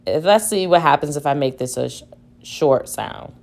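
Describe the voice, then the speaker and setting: A woman teacher slowly sounding out word syllables aloud in a phonics lesson. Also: low voice, lively intonation, vocal fry.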